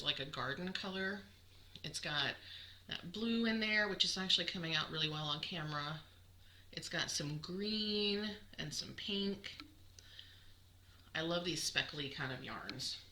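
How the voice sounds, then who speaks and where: Low-voiced chatty woman, echoey room. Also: bright, forceful tone. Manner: chatty, rambling, many ums, laughs at herself. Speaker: knitting podcast host. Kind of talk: casual show-and-tell chat. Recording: echoey room with clear background noise.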